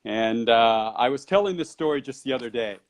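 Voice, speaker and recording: A man with an ordinary middle-pitched voice tells a personal story in an interview. His delivery is animated, and his pace speeds up and slows down as the tale builds. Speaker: Qigong and Tai Chi teacher.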